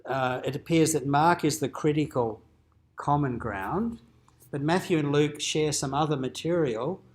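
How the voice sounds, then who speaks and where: A man, a dean, giving an informal teaching lecture at a cathedral forum, explaining in a conversational way and lifting his voice for quoted lines. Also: medium pitch. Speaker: dean presenting an adult education forum.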